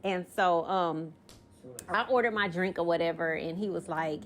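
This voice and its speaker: A woman's voice: fairly low pitch, normal speed. A young woman, a podcast co-host telling a long story in a rambling way, full of ums and you-knows. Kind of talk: casual storytelling.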